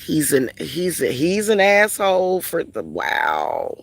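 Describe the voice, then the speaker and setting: A woman's voice: deep voice, huge pitch swings, slow, creaky, no room sound. A woman vlogger ranting casually at home, blunt and profane, repeating phrases for emphasis. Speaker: spiritual reader and vlogger.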